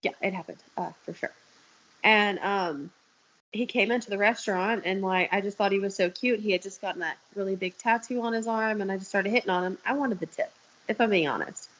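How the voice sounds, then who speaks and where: A woman's voice: medium pitch, fairly quick, fairly bright tone, poor audio. A young woman talking candidly on a video call, telling stories and swearing freely. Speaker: guest. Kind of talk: casual chat.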